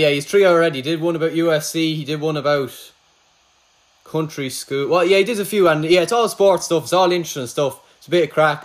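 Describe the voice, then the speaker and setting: A man with an Irish accent hosting a podcast in casual chat, laid-back, swearing freely and laughing easily. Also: fairly high pitch. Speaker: podcast host.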